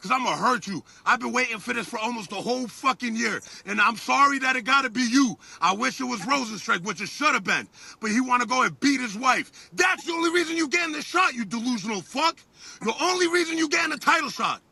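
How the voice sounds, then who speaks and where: Fighter, male, raspy gravelly voice, aggressive profane trash talk. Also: very high voice, animated, brisk, pushed and bright, dry recording. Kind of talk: heated interview trash talk.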